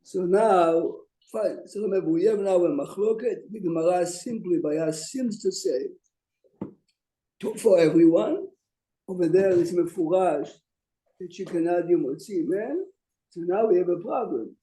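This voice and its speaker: A man, a rabbi, giving a Talmud study lecture to students. He reads texts out rapidly, then stops to explain them and urges his students to listen. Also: sits high, mellow. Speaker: rabbi teaching a class. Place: classroom with students. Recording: roomy echo.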